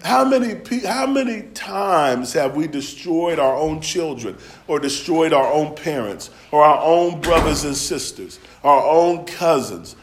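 A man preaching a sermon, telling stories in a loose, conversational way with laughs along the way. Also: fairly high pitch. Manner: storytelling, conversational, with dialect and laughs.

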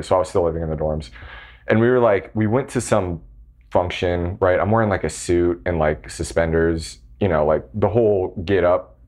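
A young man, a podcast guest, telling rambling stories full of filler words. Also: low voice. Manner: rambling, heavy use of filler "like". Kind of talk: casual chat.

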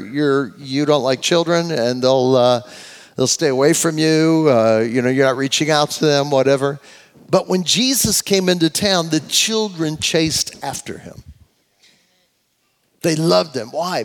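Older male pastor, slightly high voice, sermon with call-and-response, long church reverb. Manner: leads congregation in call-and-response, swings from loud preaching to soft asides. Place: church sanctuary.

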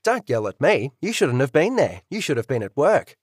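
A man's voice: medium pitch, sing-song, moderate pace, husky, dry recording, studio quality. A man voicing a young wife who speaks bluntly and coldly, in an audiobook. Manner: blunt, matter-of-fact.

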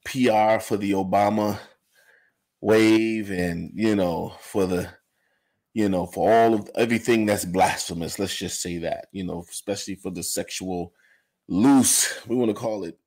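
A man giving rambling, animated commentary to camera, full of "you know" asides. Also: on the low side, a little slow. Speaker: commentary vlogger. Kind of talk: casual ranting commentary.

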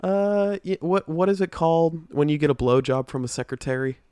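A man's voice: fairly high pitch, fairly quick, mellow, clean tone, no echo, studio quality. A man co-hosting a casual podcast, talking in a loose, giggly, laid-back way. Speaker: podcast co-host.

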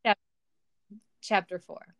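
A woman's voice: takes it slowly, a bit bright, no echo. A woman reading a silly story aloud for comedy, with wry asides and laughter. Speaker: reader of a fan story.

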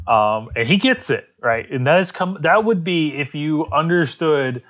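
A man's voice: a little high, expressive, a little slow, fairly bright tone. Podcast co-host, male, sarcastic rambler, muffled lo-fi recording. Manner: rambling, sarcastic, swears freely. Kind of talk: casual political chat.

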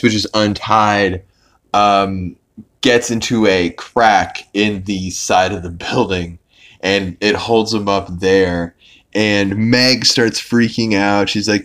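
A man with a fairly low voice talks through a cartoon episode in loose, casual podcast chat. He rambles, leans hard on filler words and throws in the odd curse. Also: fairly bright tone. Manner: rambling, full of "like" fillers, swearing. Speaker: podcast host.

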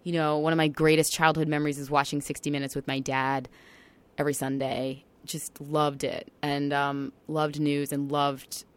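A woman's voice: sits low, little pitch movement, normal speed, smooth. A woman from New York with a faint New York accent, chatting casually as a podcast guest and peppering her talk with "like" and "you know.". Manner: chatty, scattered with 'like' and 'you know'.

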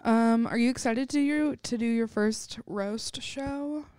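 Woman host, somewhat high voice, dry close mic, quick jokey podcast chatter. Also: clean tone, no echo. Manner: joking, animated, quick asides. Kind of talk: casual podcast chat.

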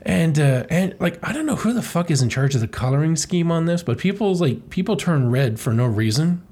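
A man's voice: on the high side, lively intonation, a little fast, darkish tone. A man hosting a podcast, giving a rambling, irreverent comedic recap of a comic and swearing often. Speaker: podcast host.

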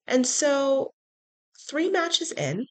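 A woman hosting a podcast, telling a personal story in a frank, animated way with sarcastic asides. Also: sits high, extremely slow. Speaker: podcast host. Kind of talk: casual storytelling monologue.

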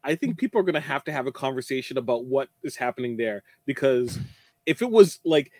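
A man's voice: mid-range voice, sing-song, fairly quick, a little mellow, dry recording. A man co-hosting a casual podcast chat, stressing his points and repeating them. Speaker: podcast co-host.

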